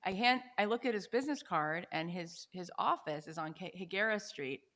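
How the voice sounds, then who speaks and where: A woman in her forties from the United States, a podcast guest telling personal stories in an animated, enthusiastic way and often checking in with "right?". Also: fairly low pitch, moderate pace. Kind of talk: conversational storytelling interview.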